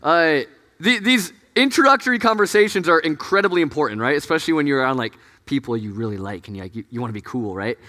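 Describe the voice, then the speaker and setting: A fairly high, bright, forceful man's voice rings out across a large hall with a long reverb tail. He preaches to students like he's chatting with friends, self-mocking, full of "like" and "uh", and he laughs often. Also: expressive, quick pace. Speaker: campus ministry pastor. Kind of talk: casual, joking sermon to students.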